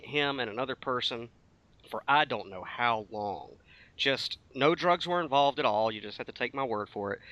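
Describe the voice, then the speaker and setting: A man's voice: mid-range voice, no room sound. A man with a Southern US accent, hosting a casual podcast and telling stories with lots of stammered restarts. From American South. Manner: animated storytelling, stammering restarts. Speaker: podcast host.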